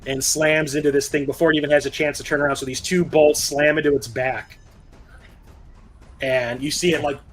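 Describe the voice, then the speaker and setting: A man's voice: a little high, steady tone, moderate pace, breathy edge. Man narrating a tabletop game loosely. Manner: loose narration with many "like" fillers. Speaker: game master.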